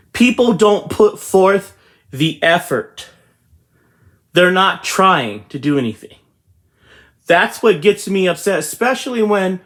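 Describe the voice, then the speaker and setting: This man's voice sits high with a fairly bright tone. He hosts a real estate channel and gives his viewers a motivational talk, addressing them directly and emphatically repeating his points.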